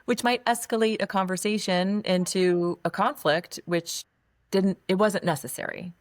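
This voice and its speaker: A woman's voice: medium pitch, moderate pace, no echo. A woman hosting a podcast interview, earnest and affirming toward her guest, also reading a sponsor spot. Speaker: podcast host.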